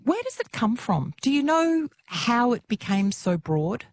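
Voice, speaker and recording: A woman's voice: on the high side, sing-song, measured pace. A woman hosting a talk radio show, chatty and playfully teasing. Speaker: radio host.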